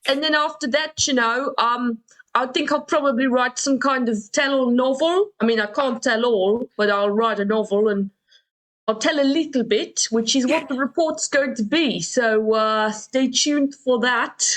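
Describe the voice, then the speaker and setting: Brief: comedian doing a giggly, evasive civil servant, put-on South African accent, high voice. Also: female voice, moderate pace, a bit bright, rough recording. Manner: giggling, rambling. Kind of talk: improvised comedy role-play.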